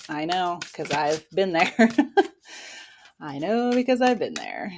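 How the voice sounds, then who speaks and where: A woman's voice: medium pitch, sing-song, slow. A woman giving a casual weekly tarot reading into her own microphone, talking in an encouraging, motivational way. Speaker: tarot reader and spiritual coach.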